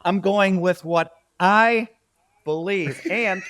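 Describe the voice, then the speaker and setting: A man's voice: high-pitched, very slow, a bit bright, a little hiss or hum. A man hosting a casual sports podcast, ranting emphatically and bantering with his co-hosts. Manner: emphatic, bantering, rant-style delivery. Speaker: podcast host.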